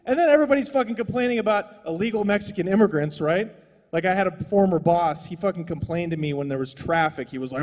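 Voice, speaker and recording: A man's voice: sits high, expressive, fast, darkish tone, big-room sound. Profane rambling stand-up man. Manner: rambling, profane, conversational delivery. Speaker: stand-up comedian. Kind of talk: stand-up comedy set. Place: small comedy stage, filmed live.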